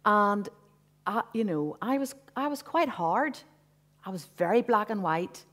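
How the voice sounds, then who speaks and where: A Northern Irish woman in her fifties shares a personal testimony with a church congregation in a church hall. Her medium-pitched, fairly bright voice is animated and unhurried, and she speaks earnestly and conversationally, often stepping aside into tangents.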